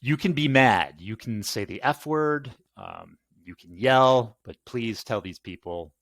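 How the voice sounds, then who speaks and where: A man's voice: mid-range voice, lively intonation, measured pace, a bit bright, no room sound. A man ranting casually and at length, exasperated and swearing, rambling through a complaint. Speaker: channel host.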